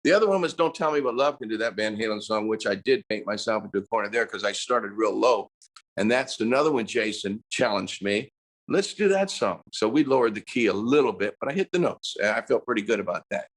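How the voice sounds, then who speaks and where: An American man in his seventies, a musician talking casually in an interview, animated and breaking into bursts of singing and screaming. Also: fairly low pitch, brisk. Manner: animated storyteller, bursts into sung screams and imitated voices. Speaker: musician guest.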